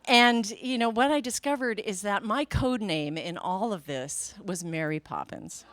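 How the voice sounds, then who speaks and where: A woman's voice: medium pitch, unhurried, a bit bright. A woman storyteller and emcee telling a playful tall tale to a live audience, breaking into sound effects as she goes.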